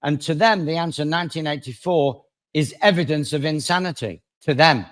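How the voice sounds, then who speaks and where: A man, a lawyer appearing as a guest, telling a story in conversation with dramatic swings between loud and quiet. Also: fairly high pitch, normal speed. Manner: animated, dramatic swings in loudness.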